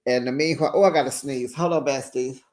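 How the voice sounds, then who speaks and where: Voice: fairly even intonation, quick pace, a little mellow. Sassy, chatty Bay recap host. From San Francisco Bay Area. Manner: chatty and sassy, with big pitch jumps. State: tired. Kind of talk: casual recap commentary.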